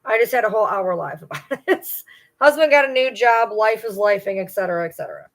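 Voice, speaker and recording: A woman talking casually on a livestream in a voice of ordinary pitch for her sex. She rambles, slips into cooing at her dogs between stories, and swears offhandedly. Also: animated, fast talker. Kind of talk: casual chat during a livestream.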